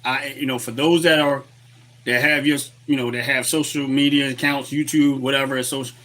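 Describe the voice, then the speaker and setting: A political livestream host speaks at a moderate pace in a mid-range voice, level in tone and a bit bright. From his desk webcam setup, he rants heatedly and repetitively, fired-up, while greeting viewers and reading chat aloud.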